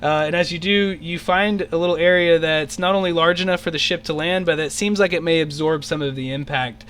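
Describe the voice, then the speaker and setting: Bright, keyed-up dungeon master. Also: male voice, on the high side, fairly even intonation, slight background noise. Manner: rambling, filler-heavy, quick to shout out character lines. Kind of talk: narrating an online tabletop game. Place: home, on an online voice call.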